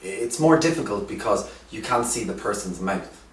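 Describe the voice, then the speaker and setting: A man teaching an English lesson, speaking slowly and clearly with emphasis on key phrases. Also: on the low side, lively intonation, far from the mic. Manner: slow, clear, drawn-out teaching with rising emphasis. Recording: roomy echo, voice from off the mic.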